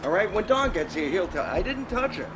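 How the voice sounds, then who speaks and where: A man acting out a sheepish young man in an outdoor comedy sketch who keeps defending himself. His voice sits high and jumps around a lot. Street noise is clearly heard behind him. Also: sing-song, brisk. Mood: defensive.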